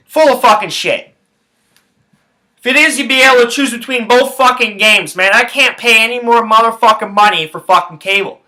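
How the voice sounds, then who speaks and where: A man's voice: extremely high pitch, fairly quick, pushed and bright. A man hosting a sports podcast, ranting angrily with heavy swearing and repeating phrases for emphasis. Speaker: podcast host. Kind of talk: profane sports rant.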